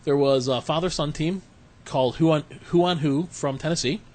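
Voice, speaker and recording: Here a man co-hosting a podcast tells meandering stories in casual chat, voicing the quotes himself. His voice is fairly high with a darkish tone, his pace is moderate, and there's a little hiss or hum in the recording.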